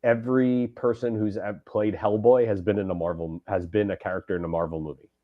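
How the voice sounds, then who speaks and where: A man's voice: lowish voice, fairly even intonation, a little fast, narrow, tinny audio. A man co-hosting a podcast, chatting casually and enthusiastically, often hesitating and restarting his sentences. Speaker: podcast co-host. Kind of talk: casual chat.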